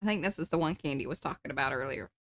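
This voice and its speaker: A woman's voice: low-pitched, very fast, fairly bright tone, slight background noise. A woman co-hosting a live art stream, joking and chatting, and reading viewer comments aloud. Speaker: co-host. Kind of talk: casual chat during a live art stream.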